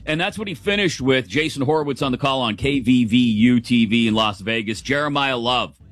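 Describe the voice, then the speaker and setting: A middle-aged man holds forth on a morning sports talk show, chatty, opinionated and quick to laugh. His voice sits close and dry on a studio mic, with faint music playing underneath. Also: mid-range voice, a bit bright, dry recording. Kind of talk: casual sports radio commentary.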